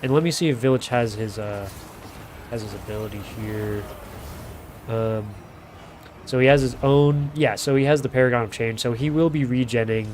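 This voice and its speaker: A man's voice: medium pitch, normal speed, a little mellow. A man giving casual, rambling live commentary on a strategy video game, with lots of fillers and self-corrections. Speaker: game caster. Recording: audible background noise.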